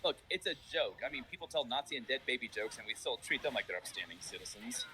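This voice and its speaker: Man, stream banter, jokey, loud outbursts, very quick, bright tense tone. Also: medium pitch, lively intonation, a little hiss or hum. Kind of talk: casual chat.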